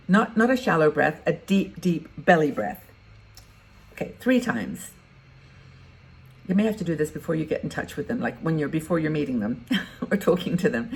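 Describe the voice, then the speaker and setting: A woman's voice: low-pitched, a little mellow. A woman in her sixties, talking frankly and conversationally as she gives advice in a casual vlog. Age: 60s. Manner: conversational and frank, thinking aloud. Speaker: vlogger giving advice to retired women.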